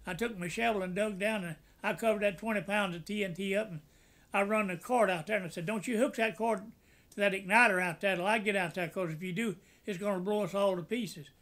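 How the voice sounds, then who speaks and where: Brisk and fairly bright, the older veteran's voice sits high as he shares wartime stories for an oral history. He's folksy, imitates the people he quotes, laughs at his own jokes, and is tearful at times.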